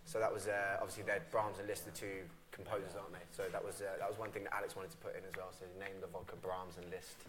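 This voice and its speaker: A man on a live press panel tells his stories quickly, in a somewhat low voice. He rambles cheerfully, with plenty of fillers and restarts. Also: background noise. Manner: lively anecdotes with many fillers and restarts. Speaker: cast member on a panel. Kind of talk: casual storytelling at a live press event.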